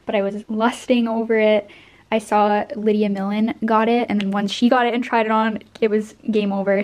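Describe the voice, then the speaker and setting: A woman's voice: mid-range voice, darkish tone. Chatty young woman vlogging from home. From Canada. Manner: chatty, gushing over purchases. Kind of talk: casual vlog chat.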